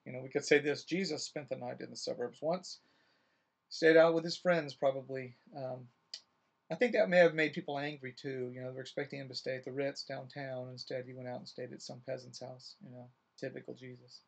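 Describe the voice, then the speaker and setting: A man's voice: mid-range voice, steady tone, brisk, vocal fry. A middle-aged man, a minister, thinking aloud in a rambling, wry, casual way about his next sermon. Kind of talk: casual vlog musing. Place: church, alone.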